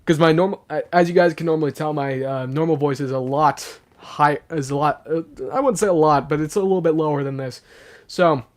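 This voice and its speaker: A young man chatting casually on a live stream and reading chat aloud. He is sick and his voice sounds rougher than usual. He is chatty and excitable, with lots of fillers. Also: on the high side, brisk.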